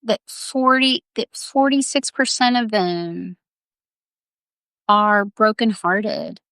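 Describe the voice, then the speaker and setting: A woman's voice: mid-range voice, big pitch swings, gravelly, fairly bright tone, no echo. A woman leading a guided healing visualization on a live video, talking in a soothing way and often calling the listener honey. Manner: slow, soothing, repeatedly says "honey".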